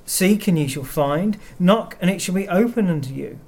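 A man giving a sermon, speaking in a measured way and reading verses aloud. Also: sits high, animated, darkish tone. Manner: slow, measured delivery with verses read aloud. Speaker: preacher.

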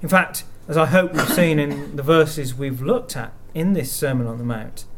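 A man giving a sermon, speaking in a measured way and reading verses aloud. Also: a little high, crowd noise. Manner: slow, measured delivery with verses read aloud. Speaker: preacher.

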